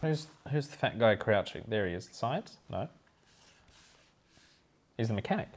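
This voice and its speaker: Brief: easygoing male co-host, animated unboxing chat. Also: fairly low pitch, unhurried, slightly rough. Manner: playful, easygoing.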